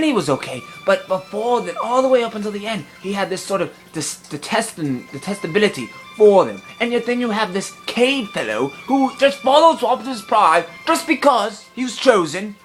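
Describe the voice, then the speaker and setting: A man giving a comedic film review in a pompous, affected gentlemanly put-on voice, indignant and long-winded. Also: sits high. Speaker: movie reviewer.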